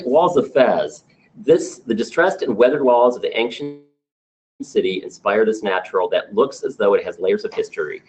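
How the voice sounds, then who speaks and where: A man's voice: lowish voice, highs cut off. A man presenting new products to his sales team in a business meeting, upbeat as he runs through specs with small restarts.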